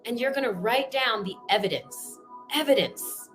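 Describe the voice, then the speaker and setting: A woman leading an online workshop, who gives calm, measured prompts and adds casual asides that end in "okay?". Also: a little high, faint music behind. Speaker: workshop facilitator. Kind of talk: online workshop with a guided reflection exercise.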